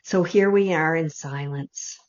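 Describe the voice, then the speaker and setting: Soft-spoken woman leading a channeled reading. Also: sits low, measured pace. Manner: soft, heartfelt, loose run-on phrasing. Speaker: intuitive reader leading an online group session. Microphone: video call. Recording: dull lo-fi video call audio.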